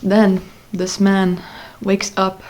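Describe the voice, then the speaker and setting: A woman's voice: medium pitch, monotone, extremely slow, darkish tone. A young adult woman vlogger telling a casual story in a chatty way, full of fillers and asides.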